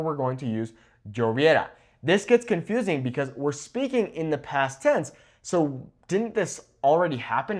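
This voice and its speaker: A young man teaching a Spanish grammar lesson at a whiteboard. He slows down to say each example clearly and keeps checking in with "okay?". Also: on the high side. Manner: lively, repeats "okay?" after each example; slows down to model Spanish pronunciation.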